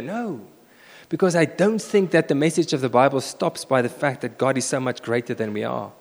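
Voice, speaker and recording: A man preaching a sermon, telling a personal story with animated swings between loud bursts and hushed asides, in a church hall. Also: medium pitch, a little fast, vocal fry. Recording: echoey hall reverb.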